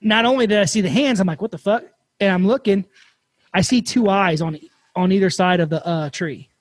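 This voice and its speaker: A man hosting a podcast, telling a campfire story in a casual, animated way and swearing freely. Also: high voice, fairly quick, dry recording. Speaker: podcast host.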